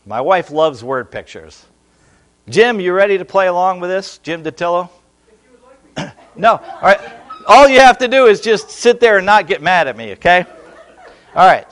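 A middle-aged man preaching a sermon, telling a lively story and asking the congregation questions in a church. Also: sits high. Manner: animated storytelling, talks to the congregation.

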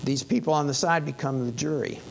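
A man's voice: on the high side, a little fast, creaky, slight background noise, rough recording. A male preacher giving a sermon in a conversational, wry and emphatic way, losing his voice.

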